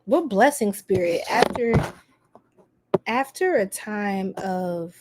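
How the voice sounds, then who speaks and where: A woman's voice: medium pitch, takes it slowly, a little hiss or hum. A woman hosting a live tarot reading for her stream, chatty and sassy, greeting viewers by name and exclaiming at the cards. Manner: animated, exclaims often.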